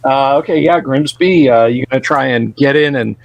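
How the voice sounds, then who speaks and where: A man's voice: medium pitch, moderate pace, creaky, dry recording. A man running a tabletop game as game master on a livestream, joking with his players as he narrates the fight. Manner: jokey, tosses in metal references.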